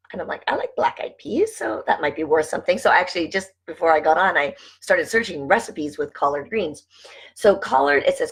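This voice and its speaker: A woman's voice: medium pitch, vocal fry, breathy edge. A woman vlogger chatting casually to her viewers, reading aloud from a food book and asking "right?" over and over.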